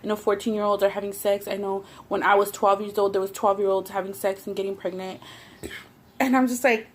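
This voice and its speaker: A young woman with a Southern Californian accent tells blunt, profane stories while eating for her mukbang vlog. Her mid-range voice moves a little fast, and her storytelling is animated and casual.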